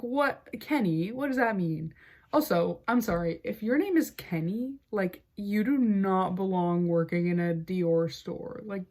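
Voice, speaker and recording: A young woman with a mid-range, slightly mellow voice hosts her own podcast, telling a story in a chatty, casual way. She leans heavily on "like" as a filler and tosses in wry asides.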